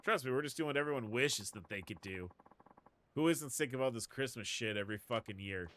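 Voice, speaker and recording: A man's voice: mid-range voice, lively intonation, brisk, a bit bright, natural voice. A man voicing a mocking young male gang thug in a sneering, contemptuous tone.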